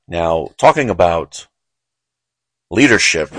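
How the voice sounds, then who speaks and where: A man's voice: low voice, normal speed, a bit bright, no echo, low-quality recording. A man hosting a show, giving heated, emphatic political commentary with frequent repetition. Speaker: show host.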